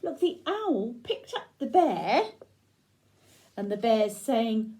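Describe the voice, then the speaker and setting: A woman reading a children's picture book aloud, gentle and sing-song, pausing to ask the young listener questions. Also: on the high side, sing-song. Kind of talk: children's read-aloud storytelling.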